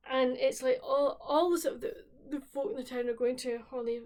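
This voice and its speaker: A woman's voice: high-pitched, fairly even intonation, a little fast, darkish tone. A woman chatting casually about books she has read, rambling with frequent restarts. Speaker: book vlogger. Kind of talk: casual book chat.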